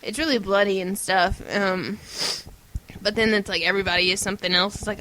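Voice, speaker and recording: A woman's voice: medium pitch, steady tone, fairly quick, bright, forceful tone, slight background noise, poor audio. A woman hosting a podcast, chatting casually and rambling with lots of giggles and silly impressions. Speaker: podcast host. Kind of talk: casual chat.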